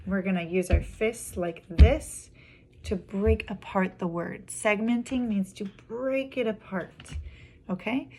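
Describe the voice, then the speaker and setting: A woman's voice: medium pitch, takes it slowly, dark tone. A young woman teaching a phonics lesson to small children, drawing out each word syllable by syllable in a sing-song way. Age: young adult. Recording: clear background noise.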